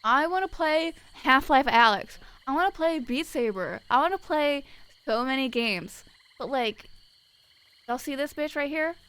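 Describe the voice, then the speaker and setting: A woman's voice: sits high, animated, measured pace, a bit bright, dry recording. A young woman streaming live, chatting casually and reading out viewers' messages in a blunt, wry way.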